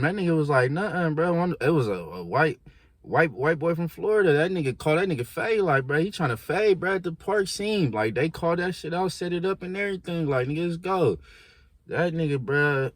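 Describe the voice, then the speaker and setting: A man's voice: a little high, normal speed, no room sound. A young man casually telling a story in heavy slang, acting out the voices of the people in it. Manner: animated slangy storytelling, acts out quotes.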